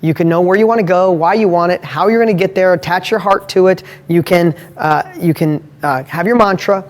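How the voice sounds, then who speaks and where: A man's voice: high-pitched, brisk. Middle-aged male host, live motivational talk; blunt, emphatic storyteller, casual cursing.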